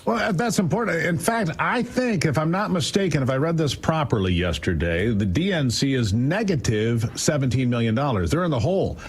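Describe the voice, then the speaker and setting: A man's voice: a little high, expressive, brisk, hardly any pauses, slightly rough. A man giving emphatic political commentary as a guest on a morning news show, firing off incredulous rhetorical questions.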